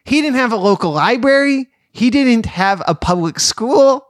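A man co-hosting a casual faith podcast, talking earnestly and slowing down to read scripture like a preacher. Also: very high-pitched, animated, no echo, studio quality. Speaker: podcast co-host and youth leader.

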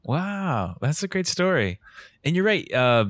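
A man's voice: fairly high pitch, very animated, measured pace, fairly bright tone, dry recording. A man hosting a casual conversation about movies, enthusiastic and asking questions.

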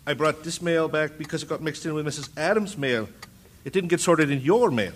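A man's voice: fairly high pitch, brisk, a little hiss or hum, lightly acted. An actor playing a polite, stammering small-town mailman in a radio drama. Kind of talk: 1950s-style radio acting.

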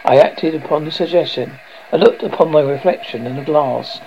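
A man's voice: on the high side, moderate pace, vocal fry, a little hiss or hum. A man reading a first-person horror story aloud, with a dramatic delivery and some slips and restarts. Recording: dull lo-fi recording.

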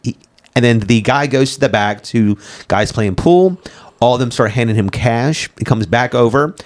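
A man's voice: mid-range voice, normal speed. A man in a casual podcast chat about movies, rambling through stories with lots of fillers, frequent swearing and laughter. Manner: laughs often while retelling scenes.

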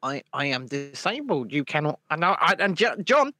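Brief: sweary male livestream host, high-pitched, very animated. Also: normal speed, no echo, studio quality. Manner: rowdy, sweary, teasing. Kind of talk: casual banter.

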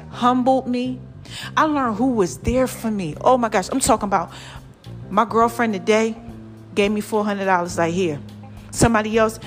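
Expressive, preachy woman vlogger with slang. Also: sits high. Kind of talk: casual faith-based vlog talk.

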